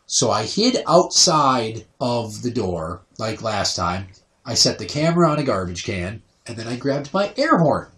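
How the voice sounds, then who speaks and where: A man in his thirties tells stories casually on a podcast, his pitch swinging wide as he acts out other people's voices. He sits back from the mic, and the room adds a noticeable echo. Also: fairly bright tone. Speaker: podcast host. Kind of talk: casual storytelling. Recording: roomy sound, voice distant from the mic.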